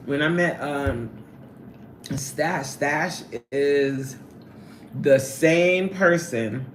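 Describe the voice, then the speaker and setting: Woman, casual live chat, lively swooping pitch, quick laughs, faint background hum. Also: echoey room. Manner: animated, laughs often, swoops up high when excited. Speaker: livestream host reading chat. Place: at her workplace on a lunch break.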